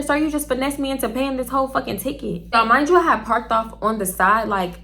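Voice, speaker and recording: A young woman vlogger telling a story in a blunt, profane, animated way. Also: sits high, a little fast, creaky, a little hiss or hum. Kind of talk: casual storytelling.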